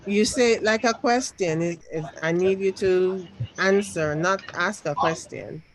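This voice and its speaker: Trading coach for a live lesson: slow and deliberate, insists on firm answers, keeps repeating questions. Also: mid-range voice, a crowd in the background, rough recording. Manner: drilling, repeats questions until answered firmly. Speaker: trading teacher.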